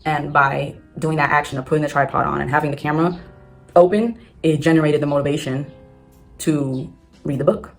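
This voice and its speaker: A woman vlogging candidly about her reading struggles, swearing freely and talking in long rushing run-ons. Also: low voice, steady tone, vocal fry, faint music behind. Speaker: booktube vlogger. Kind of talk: casual storytelling vlog. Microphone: phone on a tripod.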